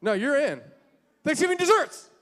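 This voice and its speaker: A man hosting a party game for a church youth group, playful and teasing, now and then shouting over the room. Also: extremely high pitch, sing-song, normal speed.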